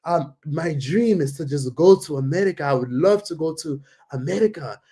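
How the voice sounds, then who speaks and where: A man's voice: on the high side, moderate pace, mellow, close to an everyday voice. A man voicing a friendly, pleading young male stranger who repeats himself to reassure the listener. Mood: wistful.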